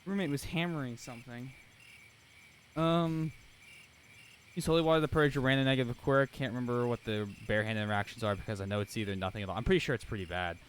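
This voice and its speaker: A streamer giving casual live commentary on a game, chatty and quick to swear. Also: mid-range voice, slight background noise.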